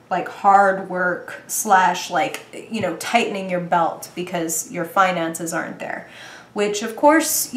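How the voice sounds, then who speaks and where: A woman's voice: mid-range voice, reverberant, a little hiss or hum. A woman reading tarot for viewers in a bubbly, chatty way, thinking aloud as she goes. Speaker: tarot reader. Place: indoor room with bright light.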